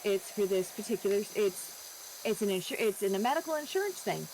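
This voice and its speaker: A woman's voice: mid-range voice, fairly quick, a little hiss or hum, poor audio. A young woman with an American accent, streaming and telling a story in casual chat, acting out the voices she quotes. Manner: animated, acts out quoted voices.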